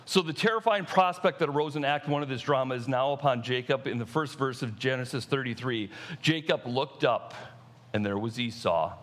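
A middle-aged male pastor preaching a sermon, retelling a story and slowing down for emphasis. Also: mid-range voice.

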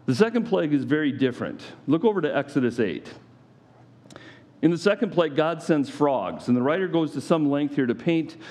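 A man preaching a sermon, animated and playful, acting out scripture with mock voices. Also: mid-range voice. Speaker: pastor.

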